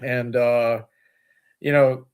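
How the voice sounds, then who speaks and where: A man's voice: mid-range voice, level tone, extremely slow, darkish tone, clear, resonant tone. A man, the owner of a distillery, talking as a guest in a casual interview, rambling with many fillers and restarts.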